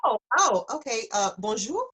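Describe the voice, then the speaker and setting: A curious woman, a podcast guest, with a bright, slightly breathy voice that sits on the high side. Her pitch swings widely as she asks questions and giggles. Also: very animated, normal speed. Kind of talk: casual chat.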